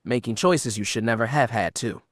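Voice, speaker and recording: An earnest, gentle young man with a mid-range voice, as a male narrator voices him. His nervous manner comes through plainly. The sound is dry and close, with no room around it. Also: mid-range voice, moderate pace, no echo, natural voice. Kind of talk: audiobook reading.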